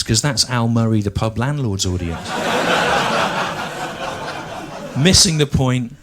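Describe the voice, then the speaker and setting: A man in his forties, from the English Midlands, does stand-up comedy. He talks in a dry, deliberate way and often repeats himself. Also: medium pitch, big pitch swings, noisy background. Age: 40s.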